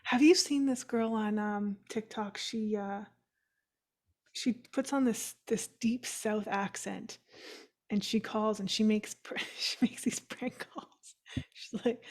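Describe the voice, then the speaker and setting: A woman hosting a casual podcast chat over a video call, chatty, encouraging and quick to laugh. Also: medium pitch, a little mellow. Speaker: podcast host.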